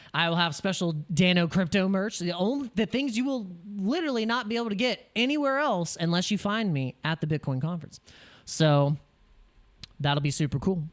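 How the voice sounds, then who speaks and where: Rambling American man hosting a stream. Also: high voice. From United States. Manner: rambling and joking, with frequent laughs and restarts. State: jittery from espresso. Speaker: crypto livestream host. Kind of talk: casual livestream chat.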